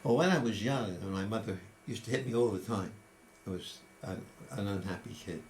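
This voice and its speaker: Low-voiced man in his eighties telling stories. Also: fairly quick, darkish tone, slight background noise. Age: 80s. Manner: conversational, reflective, with frequent restarts. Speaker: interviewee. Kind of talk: casual storytelling.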